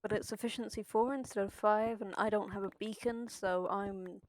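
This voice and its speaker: Playing through a game on stream, this woman swears freely and keeps up chatty talk with her chat. She speaks in a mid-range voice with fairly even intonation at normal speed, and there's no echo.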